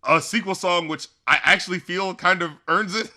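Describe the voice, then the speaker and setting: Podcast co-host, male, slightly high and very bright voice, rambling and animated. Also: brisk. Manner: animated, rambling, laughs often, acts out rap lines. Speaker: podcast co-host reviewing albums. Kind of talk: casual chat.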